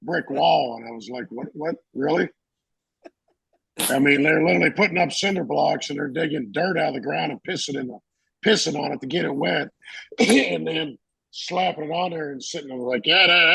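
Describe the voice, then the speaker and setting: A man's voice: fairly high pitch, brisk, vocal fry, a bit bright, slightly rough, no room sound, rough recording. A man in casual banter among veterans, swearing freely and sounding incredulous. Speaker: veteran, panel member.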